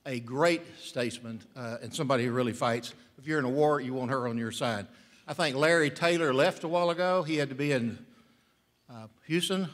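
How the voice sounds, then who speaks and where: A man's voice: medium pitch, fairly quick, fairly bright tone. A man, a state senator, introducing colleagues in a folksy, conversational way. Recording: long hall reverb.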